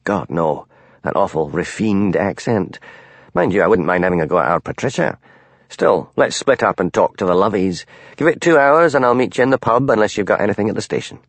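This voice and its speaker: A man's voice: fairly low pitch, expressive, brisk, husky, no room sound. A man voicing a blunt, crude, hard-drinking male police detective. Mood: scoffing.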